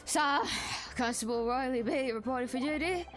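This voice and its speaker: A woman's voice: high voice, normal speed, soft background music, close to an everyday voice. A woman voicing an eager young male constable. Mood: earnest.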